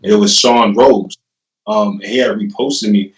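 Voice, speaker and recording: Roomy, animated young man telling a story. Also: lowish voice, moderate pace. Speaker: guest. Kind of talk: casual storytelling. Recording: roomy, distant mic.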